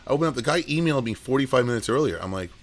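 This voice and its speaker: A man's voice: mid-range voice, animated. A man who owns a comic shop, running a live auction and telling rambling shop stories in casual chat. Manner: rambling storyteller, quick asides.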